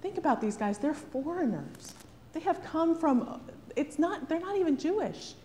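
A woman's voice: high voice, moderate pace, big-room sound, slight background noise. A woman pastor preaching a sermon, asking rhetorical questions and often adding "right?". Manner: animated, rhetorical, frequent "right?".

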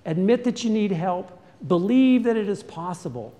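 A man's voice: high-pitched, animated, moderate pace, mellow, in a large hall. A man preaching a sermon in a church, earnest and questioning, building up to urgent calls to act. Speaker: pastor.

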